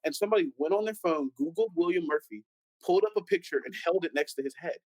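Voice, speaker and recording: A man's voice: fairly high pitch, fast, no room sound, rough recording. A young man and pastor's son telling stories in a casual panel chat, acting out the people he quotes. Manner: animated storyteller, acts out quoted voices.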